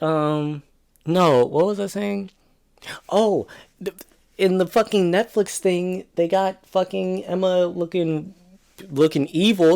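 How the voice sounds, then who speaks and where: A man's voice: mid-range voice, vocal fry. Profane, rambling man hosting a podcast. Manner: trails off and restarts mid-sentence. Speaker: podcast host. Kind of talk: solo podcast rant.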